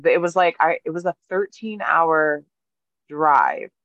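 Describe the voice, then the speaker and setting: A woman's voice: low-pitched, measured pace, a bit bright, no echo. Woman podcast host just chatting, lots of likes and you knows, dry dull-sounding mic. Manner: chatty storyteller, lots of fillers, playful. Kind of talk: casual chat.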